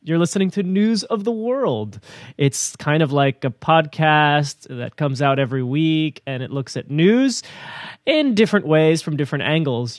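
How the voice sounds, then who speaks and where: A man's voice: on the high side, no room sound, clean studio sound. A man co-hosting a casual news podcast, playful and laughing often as he talks. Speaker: podcast co-host.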